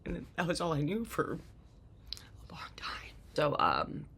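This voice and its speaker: A woman's voice: low voice, very animated, unhurried, gravelly, fairly bright tone, whispered. A woman casually telling her own life story, rambling with many fillers and restarts.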